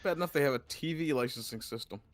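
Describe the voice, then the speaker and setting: A man's voice: mid-range voice, quick pace, dry recording, faint music behind. A man who is a guest on a casual stream, making wry, chuckling asides.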